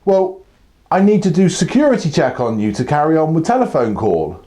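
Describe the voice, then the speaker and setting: Man doing a persistent call-centre caller, high and formal. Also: wildly swooping pitch, brisk, mellow. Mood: insistent. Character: polite insistent male call-centre caller.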